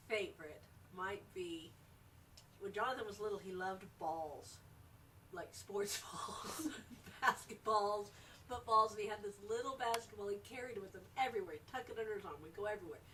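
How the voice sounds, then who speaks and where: A woman's voice: mid-range voice, moderate pace, a bit bright. A middle-aged woman fondly telling stories about her son as a small child, amused. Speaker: mother telling family stories. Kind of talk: casual storytelling to camera. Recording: distant home camera mic with faint hiss.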